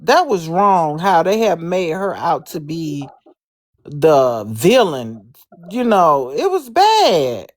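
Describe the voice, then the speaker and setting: Slow, drawn-out woman with low voice. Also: very animated, no echo. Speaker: guest in a live audio chat room. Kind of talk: casual live-stream chat.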